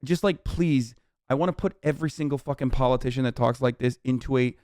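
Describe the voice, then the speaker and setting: A man's voice: medium pitch, quick pace, a little mellow, dry recording, clean studio sound. A man streaming to his chat, ranting angrily about politics with lots of swearing and sarcasm. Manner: profane, heated, sarcastic. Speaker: streamer reacting to news. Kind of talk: angry political rant to chat.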